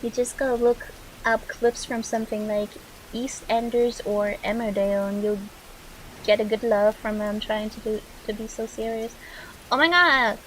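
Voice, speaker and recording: A woman's voice: fairly high pitch, steady tone, normal speed, a bit bright, slight background noise, poor audio. A young woman streamer chatting casually with viewers while drawing, swearing freely and reacting to chat.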